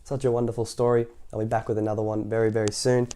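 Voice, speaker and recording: A man's voice: fairly low pitch, level tone, fast, warm tone, faint music behind. A man reading a children's picture book aloud, in a playful way with chatty asides between passages. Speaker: children's story reader.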